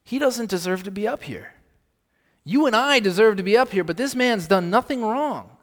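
Brief: a male preacher acting out a repentant thief, high strained pleading, long hall reverb. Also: lively intonation, moderate pace. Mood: earnest.

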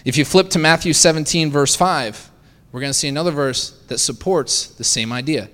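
A man's voice: fairly high pitch, normal speed, fairly bright tone. Preaching man in an echoing hall. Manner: conversational, asks the congregation rhetorical questions with frequent "right?". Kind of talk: sermon.

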